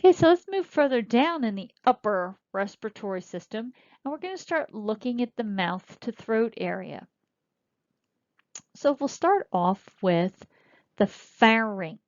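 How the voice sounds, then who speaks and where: A woman teaching a recorded lecture, explaining slowly and spelling out terms as she points. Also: on the high side, animated, no echo. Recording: dull lo-fi dry recording.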